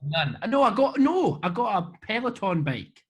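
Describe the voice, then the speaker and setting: A Scottish man speaks in a slightly high, husky voice, answering questions over a webcam call. He rambles, restarts and pokes fun at himself with a loose, joking manner. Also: very animated, unhurried, low-quality recording. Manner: self-deprecating, jokey, trailing restarts. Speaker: interview guest. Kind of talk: rambling casual chat. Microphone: video call webcam.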